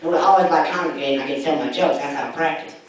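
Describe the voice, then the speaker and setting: A man's voice: on the high side, racing. A young man doing a stand-up set, telling stories with lots of laughter and acted-out voices. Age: young adult. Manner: animated storytelling, acts out voices, laughs often. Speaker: stand-up comedian. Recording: echoey hall, mic heard from far off.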